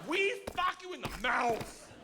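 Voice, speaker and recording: A man voicing a reckless gangster, loud and crude. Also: very high voice, lively intonation, slow pace, very noisy, pitched above the performer's own voice, heavily acted. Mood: aggressive.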